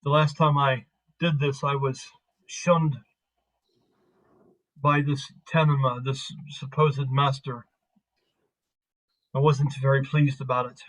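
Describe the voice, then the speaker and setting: A man voicing a gruff, arrogant male warrior in a tabletop game. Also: mid-range voice, little pitch movement, slow, long pauses, a bit bright, poor audio. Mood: grumbling. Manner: proud, grumbling.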